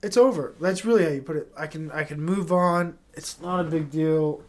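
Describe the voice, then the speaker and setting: A man's voice: a little high, moderate pace. A young man hosting his own podcast, talking alone in a rambling, profane and emotional confessional way. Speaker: podcast host. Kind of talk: casual solo monologue.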